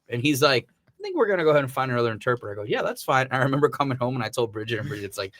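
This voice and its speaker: A man's voice: medium pitch, sing-song, very fast, a bit bright, no echo. A man from Missouri, a podcast host, telling stories in casual chat and swearing freely. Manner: rambling storyteller, swears freely.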